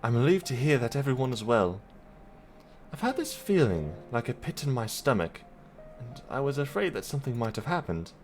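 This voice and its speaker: A man reading the lines of an earnest young woman, in a soft and sincere way. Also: medium pitch, big pitch swings, moderate pace, soft background music, pitched above the performer's own voice, lightly acted. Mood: worried.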